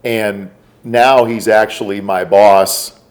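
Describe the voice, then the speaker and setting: A middle-aged man, a podcast guest, telling stories casually and quoting the people in them. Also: fairly low pitch. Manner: relaxed, drawn-out storytelling with quoted dialogue. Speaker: podcast guest, former special forces operator. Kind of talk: casual storytelling.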